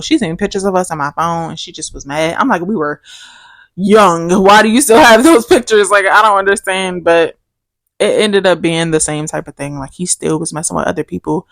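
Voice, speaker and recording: Young woman, casual podcast co-host, low-ish voice, dry close mic, animated storyteller. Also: brisk, gravelly, no room sound. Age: young adult. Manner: animated storytelling, acts out quotes with big pitch jumps. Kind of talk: casual chat.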